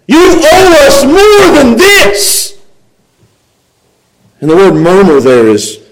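A man's voice: high voice, rough recording. A middle-aged man preaching a sermon, acting out people's complaints in grumbling voices and chuckling as he goes.

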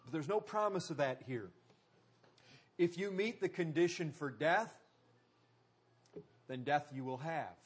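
A man preaching a sermon, driving points home with emphatic repetition and dramatic pauses. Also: a little high, husky. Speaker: pastor.

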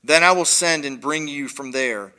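An anxious mother urging her younger son to run, worn down and weary, as a man reads her lines aloud. The voice stays low and subdued, with a sharp edge. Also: moderate pace, clean tone. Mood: urgent.

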